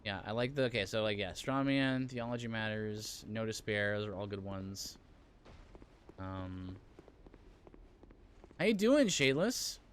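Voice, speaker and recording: A man streams a video game live, chatting casually, reading viewers' messages and answering them as he plays, with frequent fillers. His lowish voice is animated but unhurried, and he pauses often. There's slight background noise.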